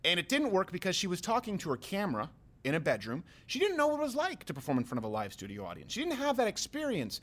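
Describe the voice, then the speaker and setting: A man hosting a comedy talk podcast, riffing in quick, joking banter. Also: sits high. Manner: animated, quick, joking asides. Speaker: host.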